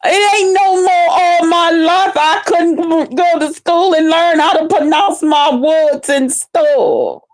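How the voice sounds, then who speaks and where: A woman mimicking a rival woman with a slow, exaggerated drawl. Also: extremely high pitch, rough recording. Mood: mocking. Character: mocked woman drawling very slowly.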